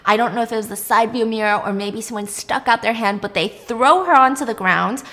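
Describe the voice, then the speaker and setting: Young woman, casual chat, animated dramatic storytelling, fairly high voice, long reverb. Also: fairly quick. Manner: animated, chatty, dramatic retelling. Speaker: storyteller recapping a show.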